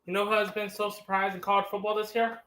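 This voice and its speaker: A man's voice: high-pitched, flat delivery, fast, pushed and bright. A man co-hosting a casual sports podcast, playful and teasing. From United States.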